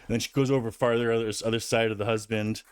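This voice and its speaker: A man's voice: medium pitch, level tone, fast talker, clear, resonant tone, no room sound. A man casually telling a rambling personal anecdote, with frequent restarts and fillers. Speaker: vlogger. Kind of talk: casual storytelling.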